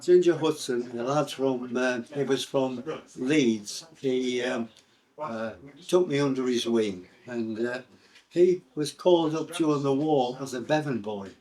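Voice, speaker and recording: A man's voice: medium pitch, a little slow, a little mellow. Older man, Sunderland accent, interview, rambling, hesitant, many fillers. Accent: Sunderland English. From England. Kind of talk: recounting life story.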